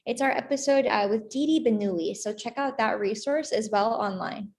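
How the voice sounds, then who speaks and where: A woman co-host with a slightly high voice chats in an upbeat way. She points viewers toward more resources and shares tips. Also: moderate pace, darkish tone. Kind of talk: casual talk-show chat.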